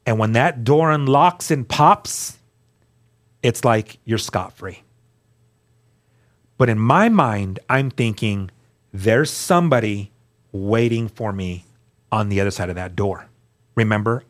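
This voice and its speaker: A man, a guest on the show, telling his personal testimony in an earnest, emphatic way, dropping to a hushed voice at key moments. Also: on the low side, lively intonation, measured pace, long pauses.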